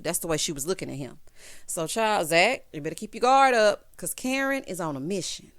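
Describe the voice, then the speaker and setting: A woman giving a sassy, animated recap of a TV episode, calling listeners honey and child. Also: mid-range voice, fairly quick. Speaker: TV recap host. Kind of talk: casual recap commentary.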